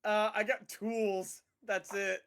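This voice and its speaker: Slow-talking joking gamer. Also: mid-range voice, little pitch movement, a bit bright, clear, resonant tone. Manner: joking, crude, laughs at self. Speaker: player. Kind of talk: casual tabletop play over voice chat.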